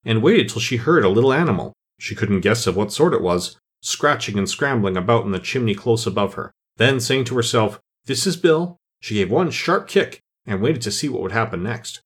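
Man, audiobook narrator, husky voice, lively pitch, expressive storytelling. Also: brisk, few pauses.

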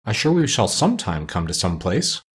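A man's voice: low-pitched, sing-song, normal speed, husky, heavily acted. Man doing a young girl, earnest and hopeful. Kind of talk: storybook reading.

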